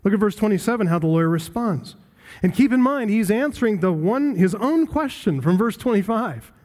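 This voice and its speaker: Male pastor, higher-pitched voice, emphatic expository sermon with rhetorical questions, long hall reverb. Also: animated, brisk, darkish tone.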